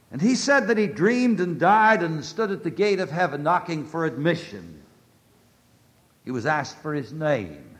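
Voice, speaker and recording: A male preacher giving a sermon and telling a story, swinging between loud declarations and hushed, near-whispered lines. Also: mid-range voice.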